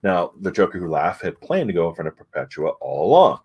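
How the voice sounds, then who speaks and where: Low-voiced male comic reviewer, loose and chatty. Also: big pitch swings, fast talker, breathy edge, dull audio. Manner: chatty recaps with fillers and restarts. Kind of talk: casual review chat.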